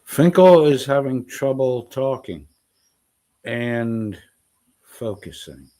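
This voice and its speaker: A man's voice: medium pitch, lively intonation, slow pace, dark tone. A man in a scornful, profane rant, hurling insults. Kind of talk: ranting commentary.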